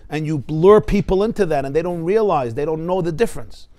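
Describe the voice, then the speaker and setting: Brief: male rabbi teaching, fairly high voice, lively storyteller with questions to the room. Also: a little fast. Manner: animated storytelling, rhetorical questions. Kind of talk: Torah class lecture.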